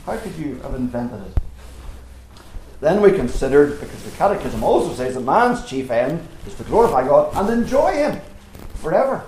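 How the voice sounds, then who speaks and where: A man's voice: fairly high pitch, a little mellow, echoey room, slight background noise, rough recording. A man preaching a sermon in a church, earnest and emphatic, asking rhetorical questions.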